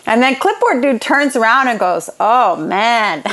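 A woman chatting on a podcast, telling a story with lively acted-out quotes and frequent laughter. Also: high-pitched, moderate pace. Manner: animated storyteller, acts out quotes, laughs often. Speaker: podcast guest. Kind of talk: casual chat, storytelling.

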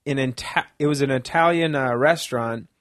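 A man's voice: medium pitch, fairly quick, no room sound. Rambling jokey man, dry close sound. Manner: rambling, jokey, drifts into mock accents. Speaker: podcast guest. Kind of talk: casual chat, storytelling.

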